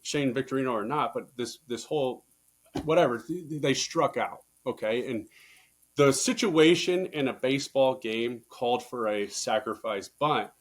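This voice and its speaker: Animated man telling coaching stories. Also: medium pitch, moderate pace. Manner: animated, rising and louder when making a point, swears casually. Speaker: baseball coach, podcast guest. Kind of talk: casual conversational storytelling.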